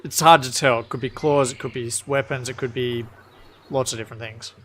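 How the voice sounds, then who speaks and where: A man running a livestreamed tabletop game as game master, who reads lore aloud and answers players' questions in a relaxed way. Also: mid-range voice, fairly quick, a little hiss or hum.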